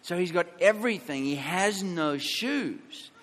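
A male pastor with a high, bright voice tells stories from the pulpit, acting out what each person said. His sermon rings with a long reverb through a large church hall. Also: measured pace. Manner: animated storytelling, acts out quotes.

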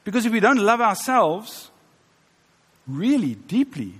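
A man's voice: high voice, sing-song, unhurried, a bit bright, slightly rough. A man in his fifties preaching a sermon in a church, conversational and joking with the congregation. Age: 50s. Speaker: pastor. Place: church hall. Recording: reverberant church hall.

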